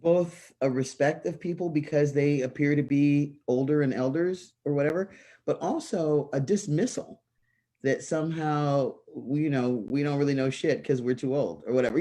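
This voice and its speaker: A panel moderator who speaks earnestly and frankly, framing questions with personal examples over a video call. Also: male voice, fairly high pitch, moderate pace, mellow. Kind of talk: panel discussion.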